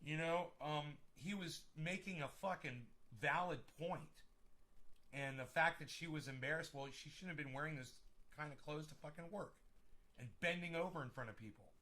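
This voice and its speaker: A man ranting on his vlog with a bright, tense edge to his voice. He sits a little higher than most men and swears freely as he vents his indignation. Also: normal speed. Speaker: vlogger. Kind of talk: casual solo rant.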